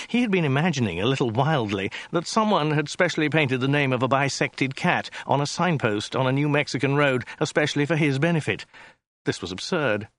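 Lively male audiobook narrator. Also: mid-range voice, no echo. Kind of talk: scripted narration.

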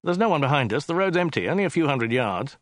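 A man's voice: on the high side, big pitch swings, fast talker, dry recording, studio quality, pitched above the performer's own voice. A man with a British accent voicing a nervous, polite male detective who hesitates often. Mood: urgent. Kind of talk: audiobook character voice.

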